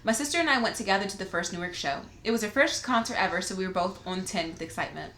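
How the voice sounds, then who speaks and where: A woman's voice: mid-range voice, lively intonation, quick pace, hardly any pauses, bright, forceful tone, a little hiss or hum. A young woman co-hosting a casual podcast, reading a listener's letter aloud, laughing often and swearing freely. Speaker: podcast co-host. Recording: roomy echo.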